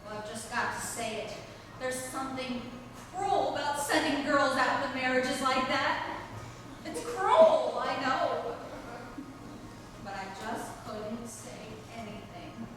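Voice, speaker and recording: A woman's voice: high-pitched, measured pace, background noise. A woman playing a tearful mother of the bride. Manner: wistful, choked up, confiding. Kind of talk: live stage play. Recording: echoey theatre from far off.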